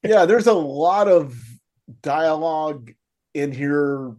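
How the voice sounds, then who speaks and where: A man's voice: a little high, takes it slowly, a little mellow. A man co-hosting a podcast, chatting casually and making wry remarks about a movie. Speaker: podcast co-host. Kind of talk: casual chat.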